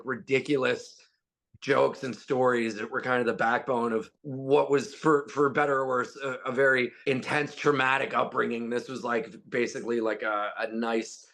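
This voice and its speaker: A man being interviewed as a stand-up comedian, telling stories and jokes casually and jumping into high voices when he quotes people. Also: fairly bright tone.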